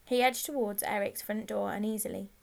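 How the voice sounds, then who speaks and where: A woman narrating a children's audiobook in a clear, measured reading. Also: mid-range voice, steady tone. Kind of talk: scripted storybook narration.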